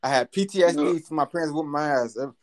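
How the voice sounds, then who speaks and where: A man with a fairly high voice, co-hosting a casual podcast chat. He tells rambling, profane stories and laughs through them. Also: fast, over a noisy crowd. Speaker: podcast co-host.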